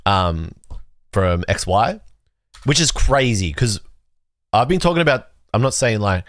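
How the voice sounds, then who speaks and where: Excitable, swearing male livestreamer. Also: on the low side, dry recording, studio quality. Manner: rambling, excitable, swears freely. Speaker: livestream host. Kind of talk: casual chat reacting to chat.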